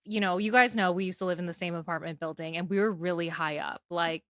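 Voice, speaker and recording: A woman co-hosting a podcast in casual chat, full of fillers and quick asides. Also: fairly low pitch, fairly even intonation, a bit bright, no echo, studio quality. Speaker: podcast co-host.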